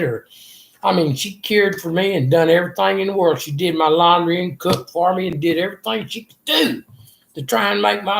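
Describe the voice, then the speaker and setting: A man's voice: high voice, vocal fry. An older man, earnestly telling a rambling personal story in an interview. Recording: echoey room.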